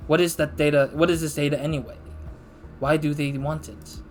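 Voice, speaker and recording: A man's voice: a little high, flat delivery, fairly quick, music in the background, close to an everyday voice. A man voicing a nervous male agency colleague with a put-on East Asian-style accent, reading game dialogue aloud in an anxious, pleading way. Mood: panicked.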